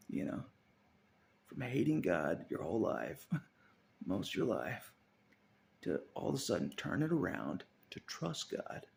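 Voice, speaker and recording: Low, very gravelly-voiced man vlogging; rambling, chuckles a lot, pitch swings widely. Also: sing-song, takes it slowly, pauses often, a little hiss or hum. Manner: rambling, chuckles often, trails off into muttering. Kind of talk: casual monologue to camera.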